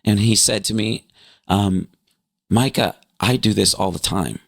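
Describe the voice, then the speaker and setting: Gravelly-voiced man telling an excited story. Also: unhurried. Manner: excitable, voice jumps high when reliving moments. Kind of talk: animated storytelling.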